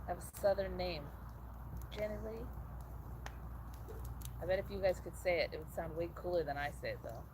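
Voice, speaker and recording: A Canadian woman chats on a livestream and reads viewer comments aloud. Her voice sits fairly low. Loud traffic and animal noise fill the background. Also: rapid-fire, few pauses. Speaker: co-host reading viewer comments. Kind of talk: casual livestream chat.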